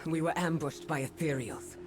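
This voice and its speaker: A man's voice: fairly high pitch, fairly even intonation, normal speed, faint music behind, close to an everyday voice. An actor voicing a grim male warrior character in a fantasy video game, speaking in short, solemn lines. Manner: terse, solemn battle barks.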